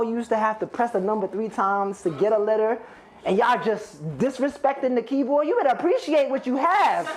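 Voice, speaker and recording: Animated stand-up comic man. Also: high-pitched, a little hiss or hum. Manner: rambling, profane, conversational storytelling to the crowd. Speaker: stand-up comedian. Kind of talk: stand-up comedy set. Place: stage before a live audience.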